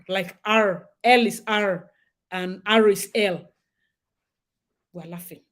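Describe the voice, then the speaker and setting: Animated Nigerian woman chatting. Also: a little high, slow, pauses often. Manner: animated, laughing, dramatic asides. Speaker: talk show co-host. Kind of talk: casual chat.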